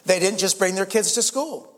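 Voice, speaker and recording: A man's voice: sits high, normal speed, in a large hall. An older man preaching a sermon as pastor, earnest, often repeating words and rising for emphasis. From United States.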